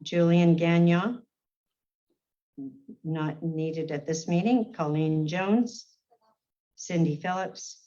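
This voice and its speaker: A woman serving as warden, chairing a formal council meeting in a brisk, procedural way and calling the roll. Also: lowish voice, steady tone, dark tone. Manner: brisk, procedural, reads names in a roll call. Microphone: meeting-room microphone on a livestream. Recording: dull lo-fi livestream audio.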